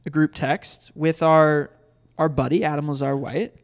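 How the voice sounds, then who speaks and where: A male podcast co-host breaks down football games in casual conversation. His voice sits a little high. He talks in long analytical runs with the odd restart. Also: flat delivery, measured pace. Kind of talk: casual sports chat.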